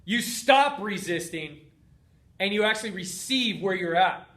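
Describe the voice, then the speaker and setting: Man, fitness coach, motivational talk, earnest, emphatic, repeats phrases, fairly high voice. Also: lively intonation, measured pace, bright, forceful tone.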